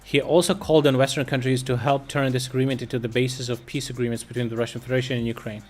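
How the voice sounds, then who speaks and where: A man's voice: mid-range voice, little pitch movement, very fast, faint music behind. A man streaming casual, profane commentary on war news, reading headlines and reacting bluntly. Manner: profane, blunt, bursts of loud laughter.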